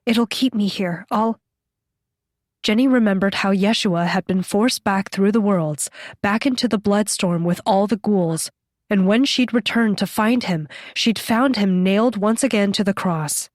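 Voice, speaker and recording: A woman reading an audiobook as its narrator, in a measured, scripted delivery. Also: mid-range voice, no echo, clean studio sound.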